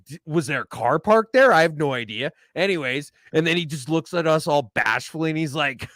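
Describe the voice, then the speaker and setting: A man co-hosting a podcast, telling a long rambling story in a casual, deadpan joking way. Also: a little high, brisk, hardly any pauses, dry recording. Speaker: podcast co-host.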